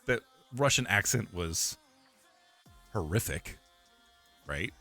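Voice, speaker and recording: Young male streamer, casual, rambling, slow delivery over faint music. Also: on the low side, lively intonation, sharp tone. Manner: rambling, repeats himself, frequent laughs and fillers. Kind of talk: casual live-stream chat.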